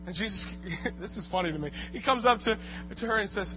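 Animated high-voiced man preaching. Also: brisk. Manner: animated, swings from quiet asides to loud shouts. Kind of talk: sermon. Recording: muffled recording with music and hum.

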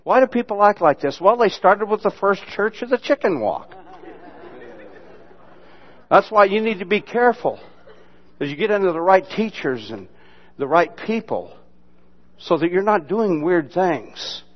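A man's voice: high voice, animated, measured pace, long pauses, a faint crowd. Mocking, folksy preacher man, lo-fi. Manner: folksy, mocking humor with sudden loud imitations. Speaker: pastor. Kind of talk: sermon. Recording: dull lo-fi sermon recording.

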